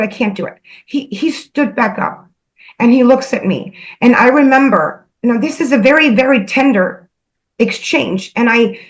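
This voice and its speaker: A woman earnestly recounting a spiritual experience, halting and repeating herself, emotional as she goes. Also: a little high, poor audio. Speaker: spiritual channel host. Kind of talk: personal spiritual storytelling.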